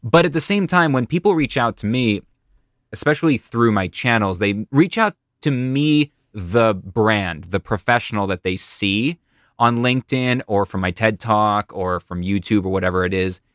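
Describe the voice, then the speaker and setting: Chatty low-voiced man hosting. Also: normal speed, no room sound, studio quality. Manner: animated, chatty, stammering restarts. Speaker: interview host and speaker. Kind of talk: casual interview conversation.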